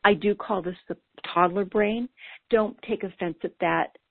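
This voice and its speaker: A woman's voice: medium pitch, unhurried, creaky, dry recording. A woman coach with ADHD giving an earnest, lightly playful scripted talk about self-talk. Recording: dry, tinny phone-like sound.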